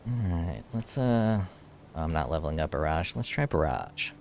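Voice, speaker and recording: A man's voice: a bass voice, lively intonation, normal speed, gravelly, darkish tone, slight background noise. A man casually commenting over his own gameplay, thinking aloud and swearing freely. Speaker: gameplay streamer.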